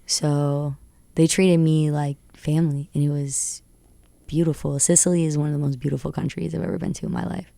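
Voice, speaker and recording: A young adult woman rapper talking as a radio guest, recounting stories in an excitable, tumbling way. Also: low voice, a little fast, vocal fry, dry recording. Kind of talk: animated storytelling interview. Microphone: studio radio mic.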